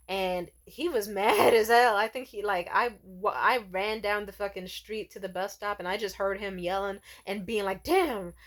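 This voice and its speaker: A young woman telling a story in a casual vlog rant, exasperated, swearing often and talking in an animated way. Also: mid-range voice.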